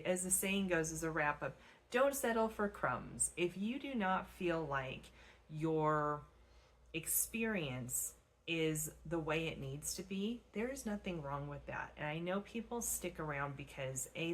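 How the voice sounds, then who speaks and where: Low-voiced chatty woman financial advisor. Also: slight background noise. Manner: chatty, uses many fillers and restarts. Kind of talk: casual talk to camera.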